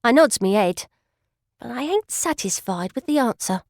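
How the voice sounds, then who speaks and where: A woman's voice: mid-range voice, expressive, normal speed, no room sound, studio quality. A woman narrating an audiobook in first person, in an emotional street-kid voice.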